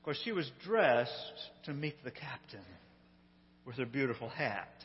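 A man casually retelling a sitcom episode in an animated, amused, conversational way, recorded on a handheld phone. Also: medium pitch, normal speed, in a large hall, lo-fi sound.

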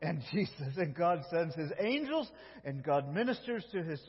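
A male pastor delivers a sermon with a high, slightly husky voice, pressing his points with emphatic force. His voice rings through a church sanctuary with long reverb. The recording sounds dull and lo-fi. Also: very animated, unhurried. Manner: emphatic preaching, swings between loud and hushed.

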